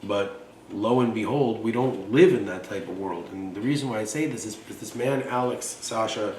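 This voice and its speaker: A man's voice: fairly low pitch, moderate pace, a little mellow, echoey room, recorded from a distance, a little hiss or hum, low-quality recording. A man in his forties, from Russia, hosting a show and talking in a blunt, boastful, profane way. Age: 40s. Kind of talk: casual monologue and storytelling.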